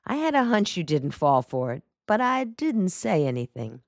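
A woman voicing a confident male lawyer in an audiobook, speaking briskly and assuredly. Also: on the low side, big pitch swings, creaky, no echo, studio quality, pitched above the performer's own voice.

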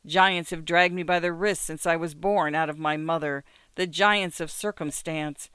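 A guilt-ridden murderer pours out his anguish in impassioned pleas, as a male reader puts him on. The voice is smooth and resonant. It is recorded dry and close. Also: a little high, fairly even intonation, normal speed, bright, forceful tone, dry recording.

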